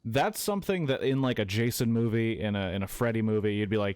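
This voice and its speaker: A man streaming a game while retelling a film in a casual, excitable way, swearing often and with plenty of fillers. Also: on the low side, quick pace, few pauses, clean tone, no room sound, studio quality. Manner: excitable, profane storytelling with many fillers.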